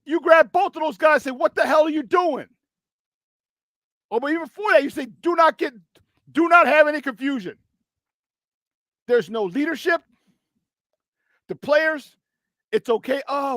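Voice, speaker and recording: High-voiced heated sports talk host. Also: male voice, fairly bright tone, no room sound, studio quality. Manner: heated, blunt and profane. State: voice strained from yelling. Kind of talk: sports talk radio rant.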